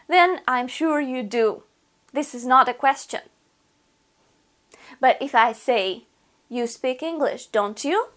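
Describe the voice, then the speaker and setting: A woman's voice: high-pitched, a bit bright. A woman teaching an online grammar lesson, explaining patiently, step by step. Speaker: language teacher.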